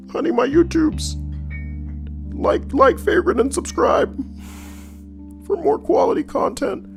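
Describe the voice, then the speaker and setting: A man putting on a high, babbling voice as a nosy, fussy suburban neighbor in a comic bit. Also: gravelly, exaggerated voice. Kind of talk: comic impression in a stream.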